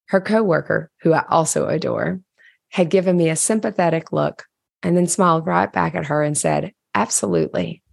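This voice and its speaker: A woman's voice: low voice, creaky, no echo, studio quality. A woman candidly narrating a personal diary entry, reflective and storytelling. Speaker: caregiver sharing a diary entry.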